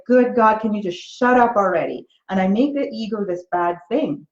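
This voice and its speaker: A woman coach talks in an earnest, encouraging, conversational way. Her voice sits in a middle pitch. The recording is roomy and a little dull. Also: mellow. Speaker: life coach. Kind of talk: motivational talk to camera.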